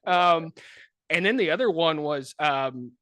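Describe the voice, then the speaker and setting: A man telling stories on a podcast in a casual, animated way, peppering his talk with "like" and slipping into quick character voices. His voice is fairly high for a man and strikingly bright. The sound is close and dry, with no room echo at all. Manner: animated, filler-heavy anecdotes with many put-on voices. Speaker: podcast co-host. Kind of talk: casual storytelling chat.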